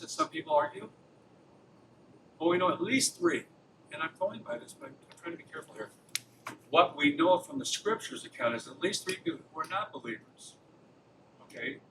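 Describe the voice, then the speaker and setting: A man's voice: medium pitch, recorded from a distance, noisy background. A man from Los Angeles giving an informal lecture to a campus club, keeping it conversational with frequent rhetorical questions. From Los Angeles, USA. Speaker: guest speaker at a campus apologetics club. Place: lecture room.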